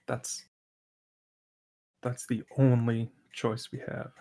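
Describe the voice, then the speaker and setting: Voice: mid-range voice, level tone, slow pace, dark tone. A player in a tabletop game, speaking matter-of-factly. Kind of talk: casual tabletop play.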